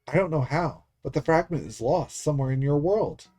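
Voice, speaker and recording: A man's voice: fairly high pitch, expressive, a little fast, a little mellow, breathy edge, faint music behind, voice pushed up. A man voicing a meek girl spirit deity who stammers anxiously and apologizes.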